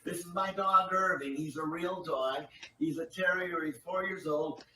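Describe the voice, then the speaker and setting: Upbeat ventriloquist man, high, echoey and distant. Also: unhurried. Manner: upbeat storyteller, encouraging. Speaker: guest ventriloquist. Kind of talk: comedy ventriloquism act. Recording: echoey room, distant mic, faint noise.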